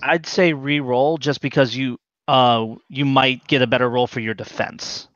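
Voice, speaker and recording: A man running a tabletop role-playing game as game master, explaining the rules haltingly with many fillers. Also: medium pitch, fairly even intonation, a bit bright, no echo, muffled recording.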